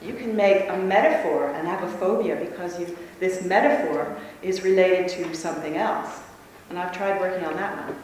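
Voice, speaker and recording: A woman speaking at a convention, telling a lively personal story to a live audience with frequent laughter. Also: on the low side, moderate pace, few pauses, slight background noise. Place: large conference hall. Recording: echoey hall, speaker far from mic.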